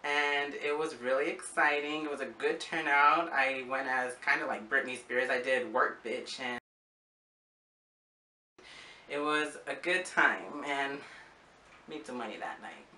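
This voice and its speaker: Bright-voiced young man in echoey room. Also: mid-range voice, measured pace, distant mic. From Arizona, USA. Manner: rambling, with frequent fillers and acted-out quotes. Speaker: vlogger. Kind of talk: casual personal storytelling.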